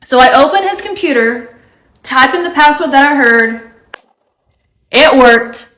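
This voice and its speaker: A woman who works as an energetic healer, telling a story in a chatty, confiding way. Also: sits high, unhurried, roomy sound. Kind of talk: casual storytime.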